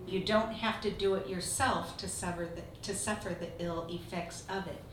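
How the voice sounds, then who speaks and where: A woman's voice: lowish voice, moderate pace. Echoey woman teaching from the Bible. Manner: lively storytelling, laughing through anecdotes. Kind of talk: Bible teaching talk with personal stories. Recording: echoey room from far off, noisy.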